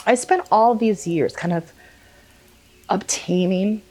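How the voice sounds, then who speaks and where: A young woman vlogger telling a personal story in a casual way, animated and swearing freely, acting out quotes. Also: mid-range voice, slow.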